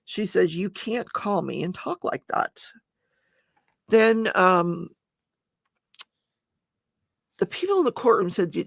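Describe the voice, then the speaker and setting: A woman talks through a trial recap in a casual, chatty way, reading quoted lines and adding her own asides. Her voice carries a heavy gravelly fry. The sound is close and dry, with no room around it. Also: lowish voice, no echo. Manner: chatty, reads testimony in plain voice with asides. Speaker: true crime channel host.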